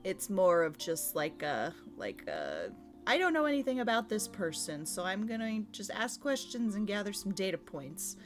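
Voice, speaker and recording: A chatty woman co-hosting a podcast, recapping a game session with lots of giggles and teasing. Her voice sits at an ordinary middle pitch. Faint music plays behind her. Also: sing-song, moderate pace. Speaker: podcast co-host. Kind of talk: casual recap chat.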